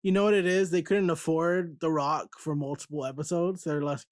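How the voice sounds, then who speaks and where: A man's voice: a little high, steady tone, fairly quick, hardly any pauses, no room sound, studio quality. A man hosting a casual comic book show, animatedly retelling scenes and acting out characters' lines. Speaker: podcast host.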